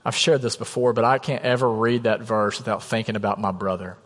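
A man's voice: lowish voice, level tone, a little fast. A male pastor preaching a conversational sermon in a church, often acting out quotes. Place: church sanctuary. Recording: long hall reverb.

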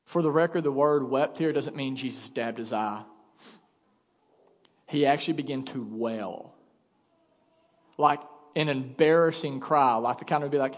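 A man's voice: medium pitch, measured pace, long pauses, long reverb tail. A male pastor delivering a sermon in an emphatic, conversational way, speaking in a church sanctuary.

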